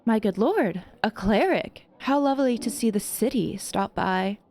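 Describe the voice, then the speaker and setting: A woman's voice: a little high, lively intonation, unhurried, darkish tone. A woman voicing a shrewd, cheerful tiefling tavern keeper who talks in a gossipy, chatty way. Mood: flattering.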